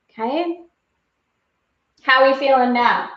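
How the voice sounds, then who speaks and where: A woman's voice: medium pitch, animated, moderate pace, echoey room, lo-fi sound. A woman guiding a live spiritual lesson, playful and effusive, laughing often as she leads affirmations and breathing. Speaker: spiritual course guide. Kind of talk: live guided affirmation session.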